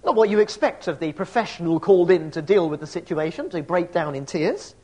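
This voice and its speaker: A male preacher with a fairly high voice delivers a reflective sermon. He muses aloud and poses rhetorical questions to his listeners. At times he reads passages of scripture and poetry. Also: expressive, a little fast, darkish tone.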